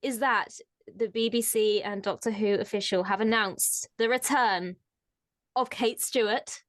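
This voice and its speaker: A woman's voice: medium pitch, steady tone, measured pace, fairly bright tone, dry recording, studio quality. Giggly woman co-hosting a fan chat show. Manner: laughs often mid-sentence. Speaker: co-host. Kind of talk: casual chat.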